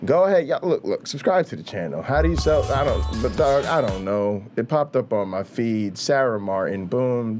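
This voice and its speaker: A man hosting a reaction show, loud and mocking, with profane, hyped-up commentary. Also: medium pitch, very animated, fairly quick, hardly any pauses, faint music behind. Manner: loud, hype, mocking, swears constantly. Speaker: reaction channel host.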